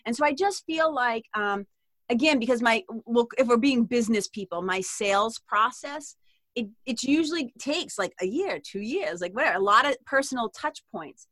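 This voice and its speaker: A woman's voice: on the high side, animated, moderate pace, fairly bright tone, dry recording. A woman with a Boston accent, a podcast guest chatting casually and animatedly, swearing freely and laughing often. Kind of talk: casual interview chat.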